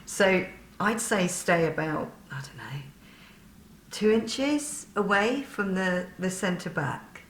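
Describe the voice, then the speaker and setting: A woman's voice: fairly low pitch, animated, slow pace, reverberant, slight background noise. A woman chatting through a sewing tutorial, laughing often and poking fun at herself.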